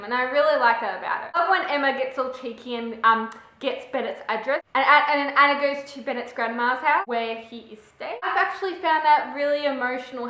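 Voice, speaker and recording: A woman's voice: high-pitched, pushed and bright. A young woman, chatting in a gushing way as she reviews a book for her vlog. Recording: echoey room.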